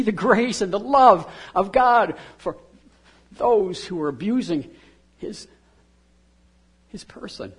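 A male pastor with a husky, breathy voice set a little high for a man. He preaches a sermon, dropping to a hush and then building to loud, fervent emphasis. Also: expressive, slow pace, pauses often. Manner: swings from quiet intimacy to loud emphatic repetition.

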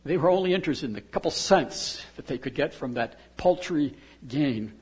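A man preaching a sermon, moving between quiet, close talk and loud, emphatic repetition. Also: on the high side, animated, normal speed, husky. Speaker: pastor.

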